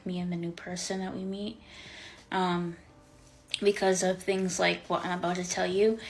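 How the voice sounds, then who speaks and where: A woman's voice: medium pitch, low-quality recording. A young woman telling a dating story to camera, chatty and filled with "like" and "um," retelling the quotes with drama. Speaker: vlogger. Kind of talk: casual storytime.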